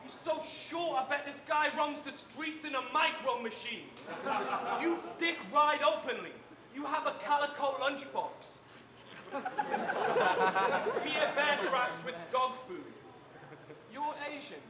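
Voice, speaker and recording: High-voiced man battle rapping. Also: animated, slow. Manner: taunting, insulting delivery. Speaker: battle rapper. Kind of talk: live battle rap. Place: live event venue. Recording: echoey room, loud crowd noise.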